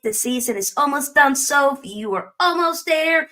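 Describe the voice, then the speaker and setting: A woman's voice: high voice, expressive, a little slow, pushed and bright. A young woman hosting a live football match reaction, ranting emphatically and answering her own rhetorical questions. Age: young adult. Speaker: football channel host.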